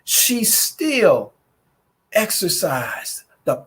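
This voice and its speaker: A man hosting a late-night relationship chat who greets viewers by name and tells a Bible story in an animated, preaching style, acting out voices. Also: high voice, extremely slow, slightly rough. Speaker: host, relationship coach.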